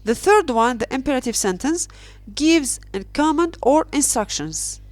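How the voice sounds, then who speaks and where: Slow, careful woman teaching grammar. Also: high voice, lively intonation, no room sound. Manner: slow, careful, repeats example sentences. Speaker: English teacher. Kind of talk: recorded grammar lesson.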